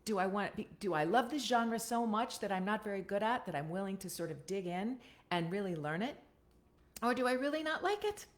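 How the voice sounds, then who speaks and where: A woman's voice: mid-range voice, brisk. A woman with an American accent giving a casual voiceover coaching talk over a live video stream, often checking in with "right?". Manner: chatty, ends points with "right?". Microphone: computer webcam stream.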